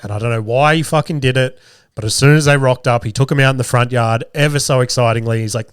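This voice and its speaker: A man in his thirties with an Australian accent, hosting a podcast and telling stories in a casual, animated way, full of swearing and laughs. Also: mid-range voice, fast talker, clear, resonant tone, dry recording, studio quality. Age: 30s. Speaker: podcast host. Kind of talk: casual storytelling. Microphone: camera with podcast mic.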